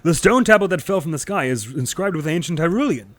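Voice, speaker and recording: A man's voice: a little high, animated, quick pace, no echo, pitched above the performer's own voice, natural voice. A man voicing an eager young female researcher in an earnest, slightly raised read-aloud delivery.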